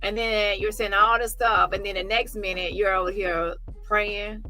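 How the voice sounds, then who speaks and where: A woman's voice: mid-range voice, steady tone, moderate pace, bright, forceful tone, soft background music. A woman hosting a commentary channel, reacting to a clip in a blunt, mocking way and laughing often. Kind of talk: reaction commentary on a live stream.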